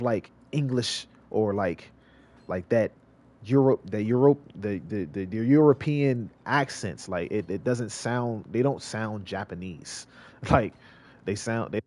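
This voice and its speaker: A man's voice: fairly low pitch, warm tone. A male streamer giving casual gameplay commentary, rambling and repeating himself with many restarts. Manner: rambling, repetitive, lots of restarts.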